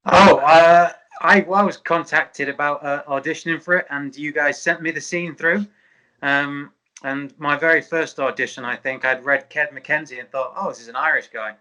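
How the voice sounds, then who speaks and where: A man, an actor, talking on a video call in a halting, self-deprecating way. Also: on the high side, fairly even intonation, bright, forceful tone, rough recording. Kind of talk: casual video call chat.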